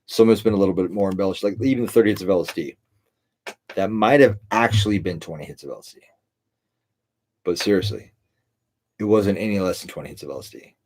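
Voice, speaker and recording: A man's voice: low-pitched, fast, long pauses, a little mellow, slight background noise. A middle-aged man hosting a livestream, a tipsy, rambling and profane monologue with frequent laughter. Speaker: livestream host.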